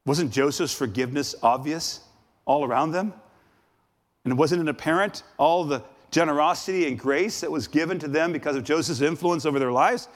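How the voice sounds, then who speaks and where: A man preaching a sermon as a guest preacher, dramatic, swinging from loud exclamations to hushed asides. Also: a little high, normal speed. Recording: long reverb of a large hall.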